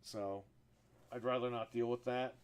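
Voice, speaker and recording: A male live streamer talks loosely to his chat in a voice that sits at an ordinary middle pitch. He rambles and curses freely. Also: a little slow, clean tone. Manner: profane, rambling and animated when telling stories.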